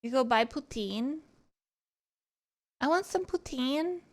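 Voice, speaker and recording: A woman's voice: high voice, animated, takes it slowly. Teasing, foul-mouthed woman streamer. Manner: teasing, profane, chatty with viewers. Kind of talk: casual chat while gaming.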